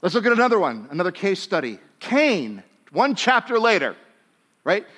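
A man with a fairly high voice delivers a sermon like he is talking with friends. He drops to near hushes and then rises to emphatic lines, and he slips into casual speech to act out the biblical figures. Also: sing-song, normal speed. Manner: conversational, swings between hushed and emphatic. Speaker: pastor.

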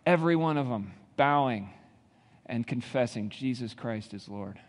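A male pastor delivers a sermon in a mid-pitched voice and builds up to emphatic rhetorical questions. His voice carries a long reverb, as if he is speaking in a large hall. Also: expressive, moderate pace.

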